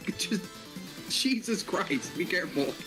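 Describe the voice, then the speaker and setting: A man's voice: high voice, expressive, slow pace. A man joining a game stream as a guest, chatting casually and laughing a lot, repeating himself for emphasis. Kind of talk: casual gaming stream chat. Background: faint game music.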